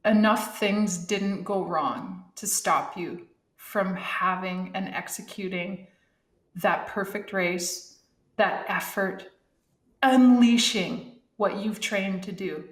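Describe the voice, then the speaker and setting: A middle-aged woman, a former Olympic athlete, telling animated stories in a casual podcast interview, laughing often. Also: medium pitch, echoey room.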